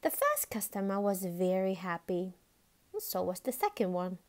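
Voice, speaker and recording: A woman from Australia reading a picture book aloud, lively and expressive, stopping now and then to ask her young listeners questions. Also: mid-range voice, normal speed. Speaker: storybook reader.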